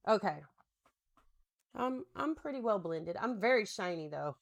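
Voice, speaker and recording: A woman's voice: fairly low pitch, moderate pace, gravelly. Rambling woman chatting through her makeup. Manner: rambling, self-deprecating, talks to husband between steps. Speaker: makeup vlogger. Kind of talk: casual chatty makeup tutorial.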